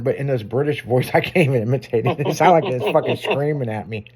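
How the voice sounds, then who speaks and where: A man's voice: mid-range voice, a little mellow. Guy hosting an afternoon radio show, swears a lot, laughs easy, regular mid voice. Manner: loose, profane, quick to laugh. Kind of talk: casual chat.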